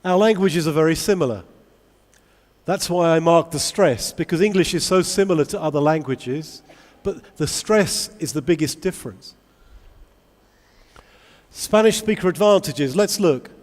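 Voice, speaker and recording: Man, conference speaker, raised pitch, animated, quizzing the audience, long hall reverb. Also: normal speed. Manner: animated, asks the audience many questions. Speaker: conference speaker on teaching English. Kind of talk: lively conference talk to teachers. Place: large convention hall.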